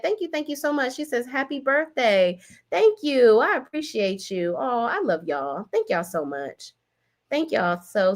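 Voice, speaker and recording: A woman hosting a live stream, reading viewer comments aloud and chatting about them casually, thanking viewers with big upward swoops in her voice. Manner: animated, swoops high when thanking viewers; chatty, Southern-tinged slang like y'all and child.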